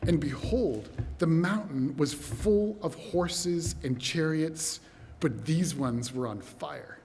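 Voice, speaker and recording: Male preacher, fairly high voice, animated storyteller, long reverb of a hall. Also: slow, a little hiss or hum. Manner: animated storyteller, addresses brothers and sisters. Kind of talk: sermon. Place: church hall.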